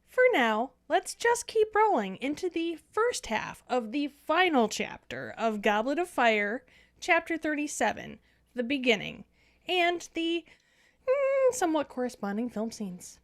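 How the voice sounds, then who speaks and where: High, slow, playful co-host woman. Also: sing-song, no room sound, clean studio sound. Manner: playful, wisecracking. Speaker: podcast co-host. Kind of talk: casual chat.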